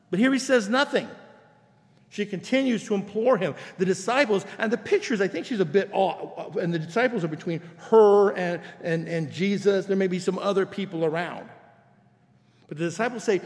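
A man's voice: sits high, expressive, fairly quick, in a large hall. A man preaching a sermon as pastor, explaining scripture in a conversational way and reading quoted passages aloud. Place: church sanctuary.

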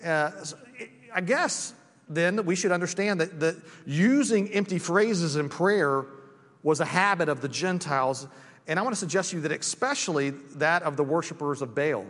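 A man's voice: on the high side, lively intonation, normal speed, fairly bright tone. Guy pastor preaching chatty, lots of restarts, long church echo. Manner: conversational, many restarts and asides. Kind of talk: sermon. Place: church sanctuary.

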